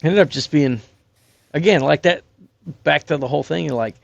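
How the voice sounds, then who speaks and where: Gravelly, profane young man telling stories. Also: a little high, moderate pace, no room sound, highs cut off. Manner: rambling and profane, many fillers. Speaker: podcast guest, hunting crew member. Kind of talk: casual storytelling chat.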